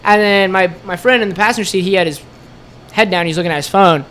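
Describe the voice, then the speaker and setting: Fast-talking and high-pitched, a store co-owner on a podcast narrates a road trip in loose conversation. He animatedly imitates what everyone said, peppering it all with "like."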